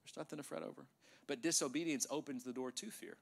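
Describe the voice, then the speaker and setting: A middle-aged male pastor preaching an emphatic sermon in a church, sometimes dropping to a hushed voice for effect. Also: a little high, fast talker, creaky, slightly rough. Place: church sanctuary.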